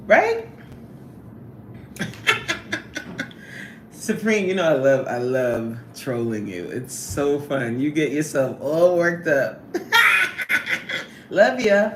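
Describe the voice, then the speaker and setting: A woman hosting a casual livestream, chatting with viewers in a sassy, animated way and laughing often. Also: sits low, slow, long pauses, roomy sound, noisy background. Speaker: livestream host reading chat.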